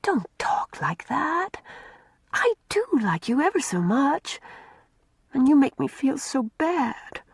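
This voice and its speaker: A woman reading an audiobook voices a gentle, timid young girl who speaks in soft, hushed tones. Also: a little high, wildly swooping pitch, normal speed, husky, no echo, clean studio sound, voice pushed up, exaggerated voice.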